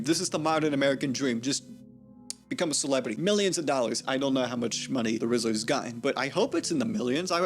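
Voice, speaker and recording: Earnest rambling young man. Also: fairly high pitch. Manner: earnest, self-deprecating, rambling. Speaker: video essayist. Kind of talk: rambling confessional video essay.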